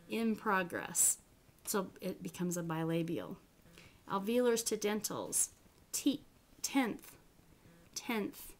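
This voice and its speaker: A woman giving a classroom presentation on phonetics, who speaks slowly and carefully, sounds out example words and corrects herself as she goes. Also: medium pitch.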